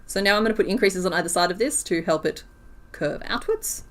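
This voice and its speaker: A woman's voice: mid-range voice, fairly quick. Australian woman, rural accent, giggly and chatty, crochet streamer, frequent laughter. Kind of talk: casual livestream chat while crocheting.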